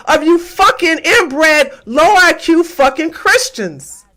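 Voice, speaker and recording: A woman's voice: very high voice, expressive, takes it slowly, few pauses, sharp tone. A woman hosting a livestream, ranting at her chat in a combative, profane, taunting way and hammering the same questions over and over. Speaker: livestream host. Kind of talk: heated livestream rant to chat.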